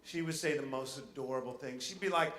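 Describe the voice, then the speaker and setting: Bright-voiced male stand-up comic. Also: mid-range voice, a little fast. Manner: animated, swings into loud mock outrage. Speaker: stand-up comedian. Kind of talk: stand-up set. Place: live comedy venue. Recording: roomy live venue with faint noise.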